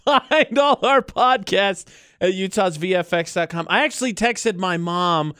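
A man's voice: high voice, measured pace, bright, forceful tone, smooth, no room sound. A man co-hosting a radio show in a studio, bantering in a playful, teasing, argumentative way. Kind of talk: casual morning radio banter.

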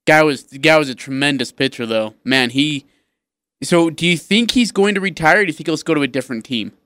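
A man's voice: fairly high pitch, fairly quick, bright, forceful tone, no echo. A man in a radio studio talking sports in joking, offhand banter. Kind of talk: casual sports talk radio.

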